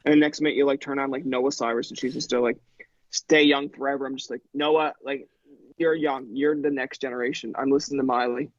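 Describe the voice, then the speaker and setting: A man in his thirties talking casually on a podcast. He tells stories in an animated way, acts out what people said, and fills his speech with "like.". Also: mid-range voice, fast talker, no room sound, muffled recording. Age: 30s. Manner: animated storyteller, acts out quotes, says "like" a lot.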